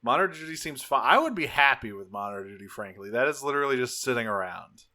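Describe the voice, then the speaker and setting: Male podcast co-host: bright, forceful tone, casual profane recap, rambles. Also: medium pitch, expressive, quick pace. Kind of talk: casual episode recap chat.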